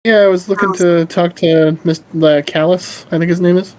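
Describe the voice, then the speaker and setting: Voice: medium pitch, fairly even intonation, darkish tone, rough recording. Hesitant tabletop player. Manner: hesitant, halting. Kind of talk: tabletop role-play.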